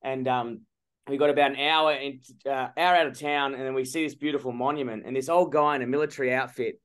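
Fast-talking and fairly even in intonation, a young Australian man shares a story with swearing and mock outrage while co-hosting a casual podcast. His mid-range voice is smooth and a bit bright, heard over a phone or laptop call from abroad.

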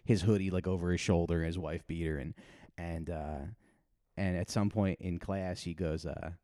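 Low-voiced man telling rambling stories. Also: steady tone, moderate pace, dark tone, no room sound, clean studio sound. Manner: rambling storyteller, acts out voices in his anecdotes. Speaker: podcast co-host. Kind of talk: casual comedic chat.

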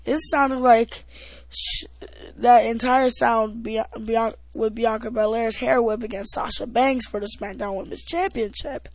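Higher-pitched woman rambling through a recap. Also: steady tone, a little mellow, no echo. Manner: rambling, halting, with many restarts and fillers. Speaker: podcast host. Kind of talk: casual wrestling recap chat.

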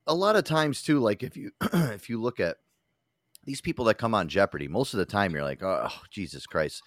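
A man's voice: on the low side, big pitch swings, fairly quick, dry recording, studio quality. A man hosting a podcast in casual, profane chat, ranting and mocking with plenty of swearing. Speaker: podcast host.

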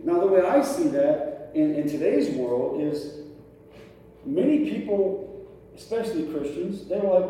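Preacher in an echoey church hall. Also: male voice, high voice, animated, unhurried, dark tone, recorded from a distance, slight background noise. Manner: conversational preaching, questions to the congregation. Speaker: pastor. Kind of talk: sermon. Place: church sanctuary.

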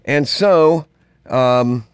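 A man's voice: medium pitch, very slow, clean tone, dry recording, clean studio sound. A man hosting a podcast in a loose, conversational monologue, wandering into asides and trailing off mid-thought. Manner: rambling, conversational, many fillers and asides. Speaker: podcast host. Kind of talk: casual monologue.

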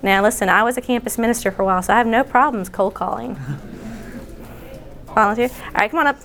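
A woman leading an interactive workshop session indoors, chatty and directing volunteers with quick asides. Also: a little high, fairly bright tone, a little hiss or hum. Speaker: workshop speaker. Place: indoor room.

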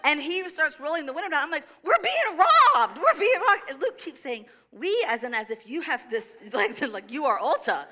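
Bright, high-voiced woman telling a story. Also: fairly quick, few pauses. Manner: lively, laughing, acts out her own shouts. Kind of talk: animated storytelling.

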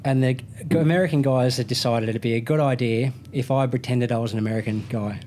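A man's voice: medium pitch, steady tone, a little fast, darkish tone, a little hiss or hum. An Australian man in his thirties, a motorcycle racer telling a rambling story in casual chat, full of slang and restarts. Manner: rambling, self-correcting anecdote with slang.

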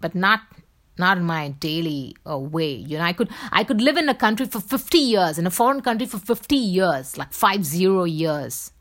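A woman's voice: lowish voice, expressive, moderate pace, a bit bright. Emphatic woman with a Bombay accent. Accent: Bombay Indian English. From India. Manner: emphatic and insistent, with many "you know" fillers. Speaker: podcast host. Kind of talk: solo podcast monologue.

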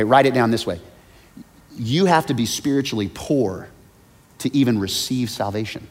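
A man preaching a sermon as a pastor, swinging between hushed, almost whispered asides and loud, high-pitched shouts. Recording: long hall reverb.

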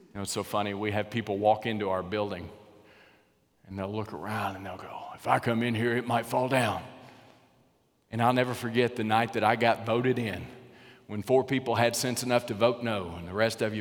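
Male pastor, mid-pitched, dynamic sermon delivery, loud peaks to soft hush; long church reverb. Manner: dramatic swings from loud to hushed. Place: church sanctuary.

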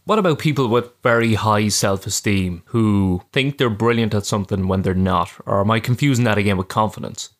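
Brief: male podcast host, low-pitched, relaxed and curious questioner. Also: fairly quick, few pauses. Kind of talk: casual interview.

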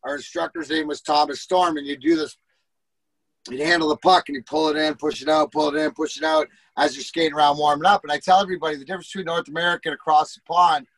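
A man's voice: a little high, level tone, fast talker, fairly bright tone, no room sound, low-quality recording. A middle-aged man, a former hockey player, telling rambling, profane locker-room stories and acting out the quotes. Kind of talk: casual storytelling.

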